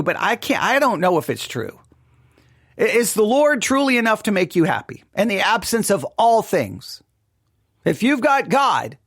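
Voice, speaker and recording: A man's voice: sits high, a bit bright, no echo, clean studio sound. A man giving a devotional Bible study talk, thinking aloud with frequent restarts and rhetorical questions. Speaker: Bible teacher.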